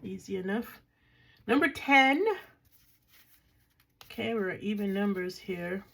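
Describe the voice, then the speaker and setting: A woman's voice: mid-range voice, slow pace, gravelly, a bit bright. An older woman casually chatting through her washi tape collection, thinking aloud with dry, self-mocking remarks. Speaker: craft vlogger. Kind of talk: casual crafting show-and-tell.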